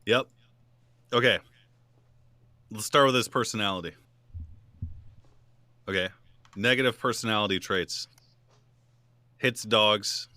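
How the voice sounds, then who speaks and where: A man's voice: on the low side, takes it slowly, pauses often, pushed and bright, no room sound. A man playing in a tabletop game, joking as he reads out his character's traits. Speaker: player. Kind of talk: casual tabletop game chat.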